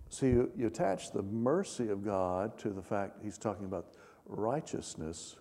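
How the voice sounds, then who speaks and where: A man preaches a sermon, reading scripture aloud with swelling emphasis and turning to his listeners with questions. His voice sits low and sounds dark and mellow. It rings with the long reverb of a large hall. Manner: reads scripture aloud with rising emphasis, asks the congregation questions. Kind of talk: sermon, Bible teaching.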